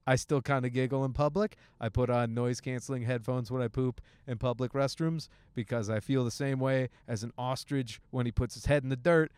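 A man's voice: mid-range voice, fairly even intonation, fairly quick, hardly any pauses, darkish tone, smooth, dry recording. A young man hosting a casual podcast alone, telling a crude story with many jokes and laughs while driving. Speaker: podcast host. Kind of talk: casual solo rant. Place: in a car, driving.

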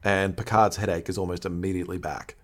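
A man co-hosting a podcast in relaxed casual chat, recapping an episode with plenty of fillers. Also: low voice, quick pace. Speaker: podcast co-host.

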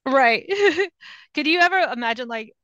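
A woman's voice: high voice, expressive, moderate pace, fairly bright tone, no room sound, lo-fi sound. A woman guest in a casual gaming chat, talking in a loose, filler-heavy way and laughing often. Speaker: podcast guest.

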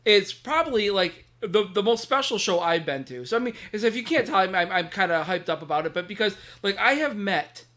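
Bright-voiced, excitable chatty man. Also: high-pitched, fairly quick, hardly any pauses. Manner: excitable, rambling, with many restarts. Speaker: podcast guest, toy collector. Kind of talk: casual chat.

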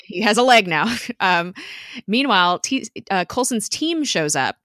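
A woman's voice: mid-range voice, lively intonation, unhurried, a bit bright, no room sound, clean studio sound. A woman casually retelling a TV episode to a co-host, chatty, with fillers and laughs. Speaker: podcast co-host recapping a TV episode. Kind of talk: casual recap chat.

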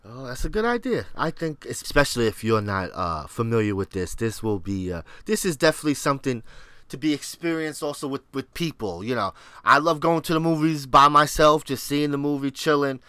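A man's voice: medium pitch, lively intonation, brisk, pushed and bright, clean tone, no echo. A man co-hosting a casual pop culture podcast, laid-back and agreeable, talking with lots of "like" fillers. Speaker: podcast co-host.

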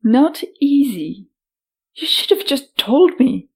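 A woman's voice: sits high, big pitch swings, takes it slowly, a little mellow, pitched above the performer's own voice, full character voice. A woman voicing an angry, betrayed young heroine in an audiobook, speaking indignantly, at times through gritted teeth. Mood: furious. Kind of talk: audiobook character voice.

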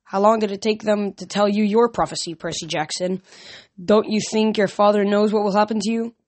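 Woman reading a slick old titan guy, calm and coaxing, storybook. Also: mid-range voice, brisk, natural voice. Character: sly, silken male Titan, persuasive and patient.

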